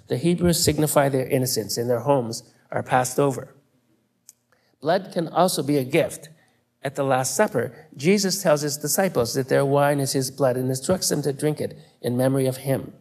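A man giving a public lecture, reading in a measured, deliberate way with dramatic pauses. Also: medium pitch, a little mellow. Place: lecture hall.

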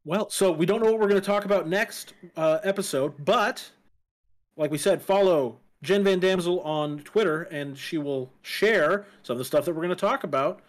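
A young man co-hosting a casual live-stream talk show, relaxed and easygoing, laughing often. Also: high-pitched, moderate pace. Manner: easygoing, plugs his channels, laughs often. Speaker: co-host.

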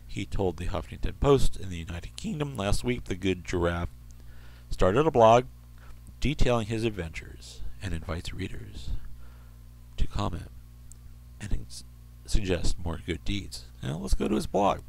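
A man hosting an internet radio show, reading odd news stories in a rambling way and slipping into soft asides. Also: deep voice, lively intonation, a little slow, creaky.

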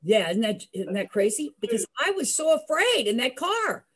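An older woman telling a personal story in a lively way, acting out the voices of the people in it. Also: on the high side, moderate pace, slightly rough. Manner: lively, acts out voices, laughs. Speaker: storyteller host.

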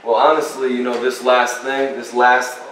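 Relaxed male interviewer in a roomy space. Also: mid-range voice, moderate pace. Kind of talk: casual interview chat. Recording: roomy echo, distant mic, faint hum.

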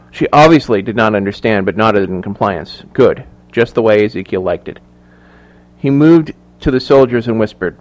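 Steady male audiobook narrator. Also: fairly low pitch, normal speed. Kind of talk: scripted narration.

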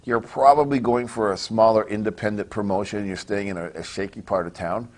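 A man's voice: lowish voice, steady tone, a little fast. Blunt, foul-mouthed man from Canada. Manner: blunt, swears constantly, many restarts. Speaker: wrestler guest. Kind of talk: casual profane interview talk.

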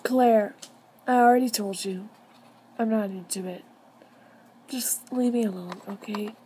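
A woman's voice: medium pitch, unhurried, warm tone, a little hiss or hum, pitched below the performer's own voice, close to an everyday voice. A woman voicing a defensive, curt girl pet in a fan toy drama.

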